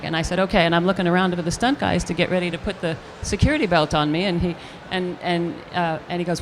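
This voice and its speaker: An older actress telling an animated story in a live stage interview, acting out the voices of the people she quotes. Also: on the low side, brisk, a little hiss or hum. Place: convention stage with audience hall ambience.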